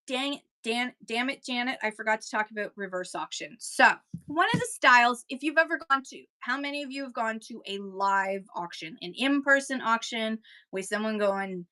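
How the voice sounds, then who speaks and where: A woman's voice: fairly high pitch, moderate pace, pushed and bright. A woman hosting a live seller chat, talking casually and rambling, slipping into auctioneer patter, with a Kentucky accent. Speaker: host giving seller tips.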